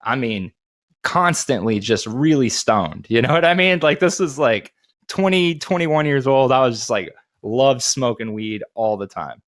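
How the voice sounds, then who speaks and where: A man's voice: mid-range voice, unhurried. A man in his thirties, a podcast co-host telling casual, profane, rambling anecdotes. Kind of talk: casual storytelling chat.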